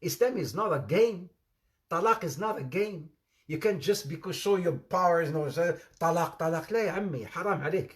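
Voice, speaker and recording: Guy preaching casually, high voice, lively storytelling with lots of repeats. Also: fast. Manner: animated storytelling with laughter and repetition. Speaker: Islamic preacher. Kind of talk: informal sermon with anecdotes.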